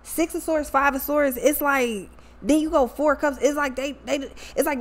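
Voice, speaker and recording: A woman's voice: sits high, moderate pace, few pauses. Blunt, profane woman reading tarot. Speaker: tarot reader. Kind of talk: casual tarot reading vlog.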